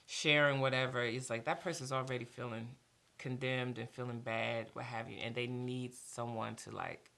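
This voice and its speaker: Very low gravelly woman, animated storyteller. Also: normal speed. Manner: animated storyteller, acts out dialogue with God. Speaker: podcast co-host, mother. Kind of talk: candid faith conversation.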